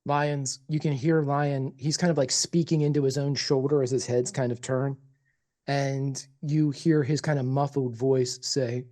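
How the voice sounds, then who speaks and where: This is a man running a tabletop game as its game master, narrating scenes in a loose, halting way and often restarting his sentences. His voice is dark and mellow, sitting at a mid pitch. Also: little pitch movement.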